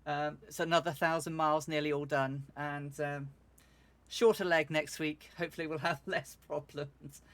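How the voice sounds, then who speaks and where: Man, fairly high voice, rueful and chatty, live game streamer. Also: steady tone, moderate pace, fairly bright tone. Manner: rueful, chatty, laughs at his own mishaps. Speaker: flight sim streamer.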